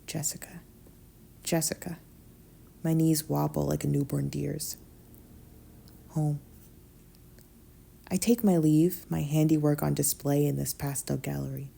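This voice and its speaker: A woman narrating a first-person novella as an audiobook reader, in a subdued, quiet delivery that sometimes drops to a whisper. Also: sits low, level tone, unhurried, gravelly, long pauses, slightly rough.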